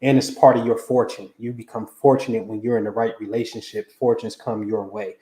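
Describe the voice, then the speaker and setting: A man's voice: on the low side, flat delivery, brisk, warm tone, roomy sound. Slangy middle-aged man reading birth charts. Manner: loose and slangy, addressing viewers by name. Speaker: astrology reader host. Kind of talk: casual live-stream reading.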